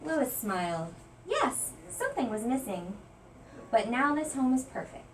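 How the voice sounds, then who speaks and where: A young woman teacher reading a children's picture book aloud, dramatic and hushed at tense moments. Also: sits high, a little slow, a little hiss or hum. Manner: expressive, dramatic storyteller, hushed at suspense. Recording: voice from a distance from the mic.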